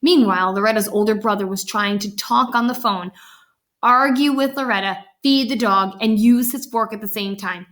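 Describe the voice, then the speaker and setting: Woman reading a picture book, chatty, bright and a bit high. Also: moderate pace. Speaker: children's book reader.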